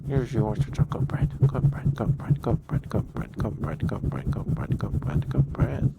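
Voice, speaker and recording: A man's voice: medium pitch, sing-song, normal speed, vocal fry, dull audio, background noise. A man cooing in a singsong, baby-talk way during an ASMR stream, repeating the same praise.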